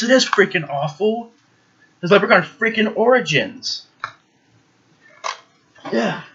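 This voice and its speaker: A man with a bright, forceful voice talks through a movie plot in a casual, rambling way. He leans on emphatic words and frequent fillers, and his voice sits fairly high. The recording is dull and lo-fi. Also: slightly rough. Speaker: movie reviewer. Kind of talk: casual spoken movie review.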